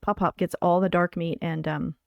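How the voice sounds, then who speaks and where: Rambling, gravelly older woman host. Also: on the low side, steady tone, moderate pace, no room sound, muffled recording. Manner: rambling, chatty, many fillers. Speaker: livestream host. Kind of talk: casual chat.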